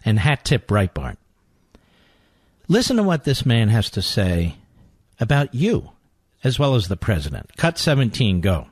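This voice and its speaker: A man's voice: lowish voice, huge pitch swings, measured pace, long pauses, slightly rough, no room sound. Combative talk radio host, ranting man. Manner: insulting, ranting, climbs to near-shouting when angry. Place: radio studio. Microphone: studio microphone.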